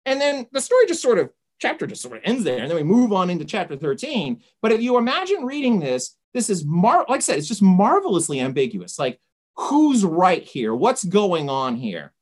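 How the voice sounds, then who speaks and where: A woman's voice: fairly low pitch, very animated, normal speed, a little mellow. A woman giving an informal lecture, retelling a story conversationally and often checking in with "right?".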